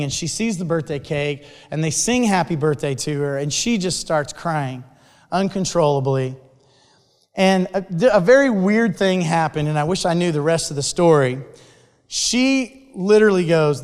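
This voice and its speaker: Guy preaching a story, animated, restarts a lot, echoey hall. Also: on the high side, normal speed, smooth. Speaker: speaker. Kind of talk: sermon storytelling. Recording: long hall reverb.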